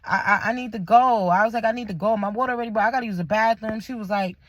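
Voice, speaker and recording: A woman's voice: fairly high pitch, racing, dry recording. A young woman, casually telling a personal story and acting out the voices of others. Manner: animated, acts out quoted voices, drops to near-whisper at tense moments. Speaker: vlogger telling her birth story.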